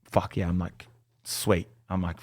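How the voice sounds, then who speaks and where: This young Australian man, a guest on a podcast, chats casually and animatedly, acting out quoted voices and swearing freely as he tells stories. His low voice has a breathy edge and a measured pace, with no room sound.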